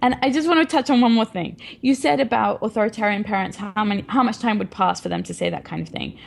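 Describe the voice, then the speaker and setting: A woman's voice: medium pitch, quick pace, creaky, a little hiss or hum. A woman in her thirties, a parenting advocate, talking earnestly and reflectively in a casual interview. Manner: earnest, reflective, laughs often.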